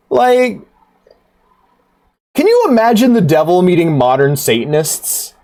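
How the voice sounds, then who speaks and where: A man's voice: extremely high pitch, huge pitch swings, slow pace, pauses often. A man streaming a rhythm game, chatting casually in a rambling, profane way, laughing often. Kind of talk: casual livestream chat.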